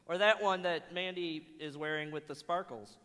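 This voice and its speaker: Joking bright-voiced man in a hall. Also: on the high side, normal speed. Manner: joking, playful, plugs merchandise. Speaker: host. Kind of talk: casual live-stream banter.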